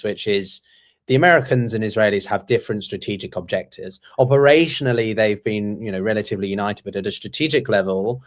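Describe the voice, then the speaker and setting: A low-pitched man talks through geopolitics as a guest analyst. He speaks in a measured, hesitant way, with many fillers and restarted phrases as he builds his points. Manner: measured, with frequent ums and restarts. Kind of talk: conversational commentary.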